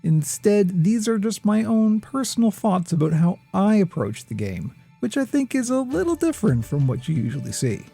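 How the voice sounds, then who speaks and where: A gaming video host narrates from a script in a measured, lofty style that leans a bit pretentious. His high voice is mellow, warm, creaky and husky, lifting and falling in a lively way, with faint music behind and no room sound.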